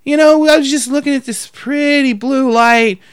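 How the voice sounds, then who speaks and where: A rambling, confused woman drifts from thought to thought in a dreamy, wandering voice, as a man puts her on. She talks pitched up high, lost in her own odd tangents. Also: steady tone, moderate pace, dry recording.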